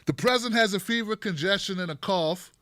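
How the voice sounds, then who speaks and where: A man hosting a comedic political commentary show, talking in an animated, sarcastic and profane way. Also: high-pitched, brisk, no room sound. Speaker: host.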